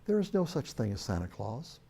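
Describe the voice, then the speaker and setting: A man's voice: mid-range voice, big pitch swings, a little fast, vocal fry, dark tone, slightly rough, pitched below the performer's own voice, exaggerated voice. A man voicing a blunt, dismissive older brother. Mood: scornful.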